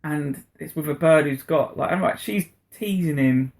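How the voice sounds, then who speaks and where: A man co-hosting a casual podcast, retelling stories in a lively way and laughing a lot. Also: on the high side, normal speed, gravelly. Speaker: podcast co-host. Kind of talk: casual chat.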